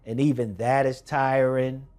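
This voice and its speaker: A man telling a personal testimony in a vlog, moving from hushed tones to emphatic shouting. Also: mid-range voice, little pitch movement, unhurried. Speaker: documentary vlogger.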